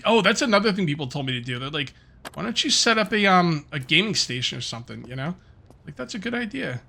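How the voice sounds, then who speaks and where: A man's voice: on the high side, gravelly, bright, forceful tone. A middle-aged man giving casual, rambling commentary while playing a survival game, thinking aloud and muttering to himself. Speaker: gaming video host.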